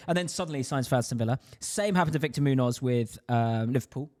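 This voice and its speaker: A man co-hosting a football podcast, arguing his point quickly in casual chat. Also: mid-range voice. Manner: quick, argumentative. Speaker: podcast co-host.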